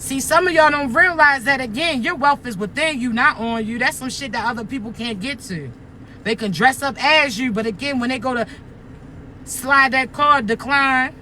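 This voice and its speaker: Guy with a really high bright voice, talking spiritual stuff to his viewers, streetwise and emphatic, traffic faintly behind. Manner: emphatic, streetwise, full of rhetorical questions. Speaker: spiritual content creator.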